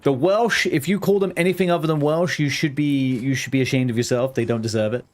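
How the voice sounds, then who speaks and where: A man's voice: mid-range voice, brisk. A young man chatting loosely with his stream chat while gaming, rambling and swearing casually. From England.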